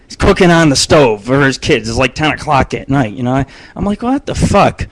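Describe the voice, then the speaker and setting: A man's voice: medium pitch, lively intonation, a little fast, a bit bright, no room sound, poor audio. A man hosting his own live internet radio show, telling rambling, crude stories with plenty of swearing. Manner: crude, rambling storytelling with frequent swearing and laughs. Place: home studio broadcasting on live video.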